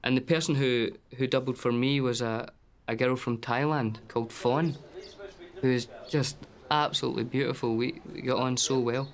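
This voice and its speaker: Man, mid pitch, fond interview recollection. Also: steady tone, moderate pace. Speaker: actor interviewed.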